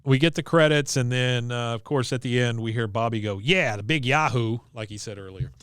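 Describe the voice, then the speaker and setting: A man talks through a cartoon episode on his podcast, loosely and animatedly, slipping into the characters' lines as he goes. His voice is smooth and clear, and the sound is dry and close. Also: mid-range voice, brisk, no room sound. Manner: animated storyteller, acts out quotes, frequent "uh". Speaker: podcast co-host recapping episodes. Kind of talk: casual recap chat. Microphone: desk mic on video podcast.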